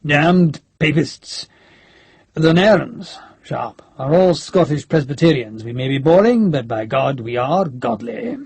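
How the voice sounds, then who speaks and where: A man voicing a gruff, blunt middle-aged Scottish major general who has a head cold, drawing out his curses. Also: fairly high pitch, expressive, a little mellow, no room sound, full character voice. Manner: blunt, swearing, drawn-out.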